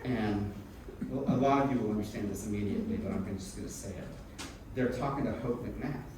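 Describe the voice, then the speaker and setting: Man, live storyteller, frank and self-mocking, very echoey room, steady background noise. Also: on the low side, a little fast, distant mic. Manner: animated, self-mocking and frank, swears freely. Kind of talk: live comic storytelling to an audience.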